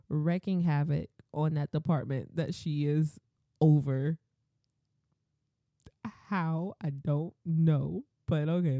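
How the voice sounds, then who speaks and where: A young adult woman hosting a podcast, telling work stories in a casual, animated way and acting out her coworkers' lines. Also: deep voice, no echo, studio quality. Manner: animated, acts out coworkers in quoted voices, laughs often. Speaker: podcast host. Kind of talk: casual storytelling monologue.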